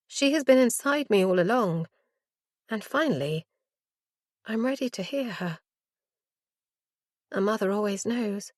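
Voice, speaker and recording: A woman reads a first-person psychological thriller in measured, often hushed tones, at a middle pitch. The studio recording is dry, with no room echo. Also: expressive. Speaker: audiobook narrator.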